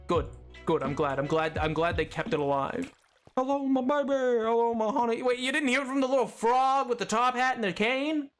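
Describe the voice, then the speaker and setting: A man's voice: high voice, normal speed, fairly bright tone, soft background music. Playful male streamer, loose rambling banter with chat. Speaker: game streamer. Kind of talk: casual livestream chat.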